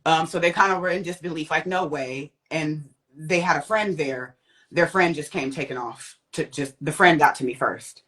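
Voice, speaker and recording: A woman's voice: moderate pace, a bit bright. A young adult woman telling her personal testimony as a guest, acting out quoted voices. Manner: vivid, acts out quoted voices with big pitch jumps. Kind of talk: personal storytelling.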